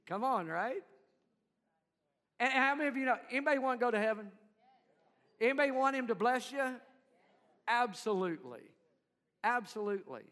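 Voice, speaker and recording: A man preaching a sermon in an animated way, acting out crowd voices and dropping to quiet low tones. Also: moderate pace, long pauses. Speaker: pastor. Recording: long reverb in a hall.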